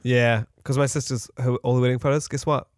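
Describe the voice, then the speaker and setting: A man's voice: medium pitch, flat delivery, brisk, no echo, studio quality. A man co-hosting a podcast in casual banter, chatty and giggly as he tells stories. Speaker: podcast co-host.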